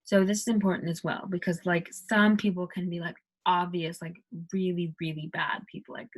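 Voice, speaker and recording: American woman host for a casual tutorial vlog, a bit low-pitched, airy, rambles chattily. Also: little pitch movement, moderate pace. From United States. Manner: chatty, rambling with many fillers. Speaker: video host teaching accents.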